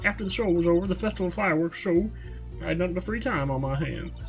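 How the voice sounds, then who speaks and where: A man putting on a shrill, gushing old lady. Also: fast talker, soft background music. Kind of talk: video game voice-over reading.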